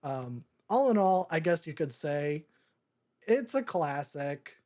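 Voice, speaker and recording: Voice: medium pitch, sing-song, slow pace, warm tone. A podcast host talking through a movie in a casual, rambling way, often breaking into laughter. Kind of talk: casual movie review chat.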